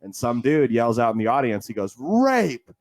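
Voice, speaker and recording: A man's voice: mid-range voice, brisk, very noisy. Laid-back man telling stories. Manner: laid-back storyteller, laughs often. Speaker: comedian guest. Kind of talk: casual chat, telling stories.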